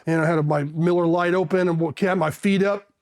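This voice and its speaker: A man in his fifties from California with a notably high voice for a man, recounting his years as a Marine. He rambles and circles back, blunt and casual, and drops a curse word without a second thought. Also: steady tone, a little fast. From California, USA. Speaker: Marine veteran. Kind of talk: candid storytelling.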